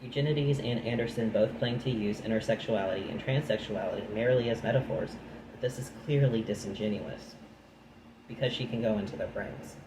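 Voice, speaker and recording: A man's voice: fairly low pitch, brisk. A man reading a nonfiction book aloud, breaking off into chatty, dry asides of his own. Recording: echoey room with noise.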